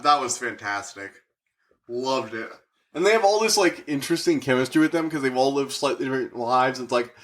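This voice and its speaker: A young man casually reviewing a movie on his podcast, excitable, swearing now and then and acting out the characters he quotes. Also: medium pitch.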